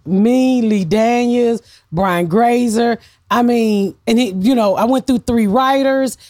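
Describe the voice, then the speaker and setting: Loud Southern woman, cussing freely. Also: fairly high pitch, takes it slowly, no room sound, studio quality. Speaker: guest comedian. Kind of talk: casual podcast chat.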